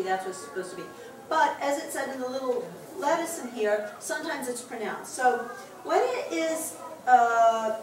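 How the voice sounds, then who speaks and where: Woman teacher, high voice, heard from afar in an echoey classroom, laughing and encouraging. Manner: chatty, laughs often, encouraging. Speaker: Hebrew teacher. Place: synagogue classroom. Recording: echoey room, distant mic, background noise.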